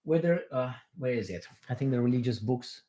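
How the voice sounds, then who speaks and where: A man from Romania, hosting a casual livestream Q&A in a rambling, animated way from home. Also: medium pitch, fairly quick. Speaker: livestream host.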